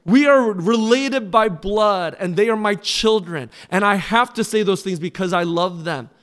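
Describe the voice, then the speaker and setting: A middle-aged pastor preaches an earnest, pleading sermon in a fairly high voice at a slightly slow pace. He gets louder on phrases he wants to land and leans into direct questions to his listeners, then closes in prayer, dropping soft and low.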